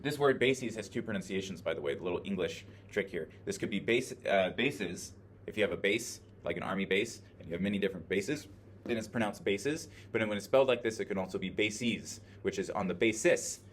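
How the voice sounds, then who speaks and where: A man's voice: on the low side, fast talker, a little hiss or hum. A man teaching a classroom lecture, explaining ideas while thinking aloud with many filler words, recorded by a camera in the room. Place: classroom with a screen. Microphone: video camera in the classroom.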